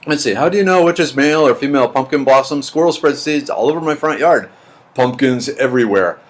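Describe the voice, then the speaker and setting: Casual chat from a middle-aged livestreamer who reads comments and replies at length, rambling and repeating words. He speaks at medium pitch and fairly quickly.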